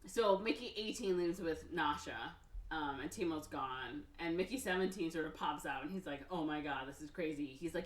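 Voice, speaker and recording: Woman podcast host, casual and animated plot recapper, low-ish voice, roomy sound a little away from the mic. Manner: animated retelling with quick voices for characters. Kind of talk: casual chat. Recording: echoey room, somewhat far from mic.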